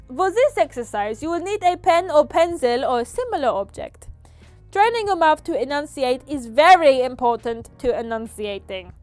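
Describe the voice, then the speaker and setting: Woman doing a bad put-on accent for a mock speech-coach read: high, bouncy, emphatic. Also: dry recording. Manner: loud, emphatic mock-instructional reading.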